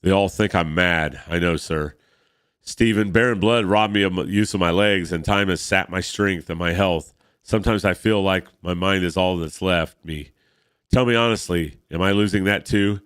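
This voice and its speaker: A frail, haunted elderly lord, as a man reads him from a comic. His voice sits very low and smooth, close and dry. He sounds fretful and pleading. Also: moderate pace, fairly bright tone, dry recording. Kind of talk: reading a comic aloud.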